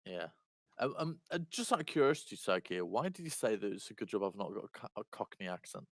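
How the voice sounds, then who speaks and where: A man's voice: lowish voice, big pitch swings, quick pace, no echo. A man chatting casually in a gaming voice chat, chatty and playfully indignant.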